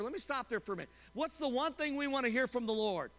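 Male pastor preaching, really high voice, keeps quizzing the crowd, church hall echo. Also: fairly quick, fairly bright tone. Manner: asks the congregation questions and retells stories with quoted voices. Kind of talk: sermon. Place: church sanctuary.

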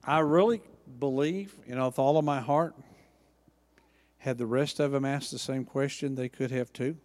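A man preaching a sermon, acting out Bible dialogue with lively emphasis. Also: mid-range voice, moderate pace, big-room sound. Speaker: pastor.

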